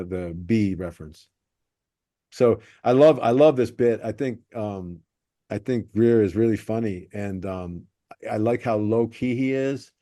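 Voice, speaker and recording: A man with a lowish, mellow voice hosts a podcast discussion, analytically explaining how jokes are constructed. The recording is dry and studio quality.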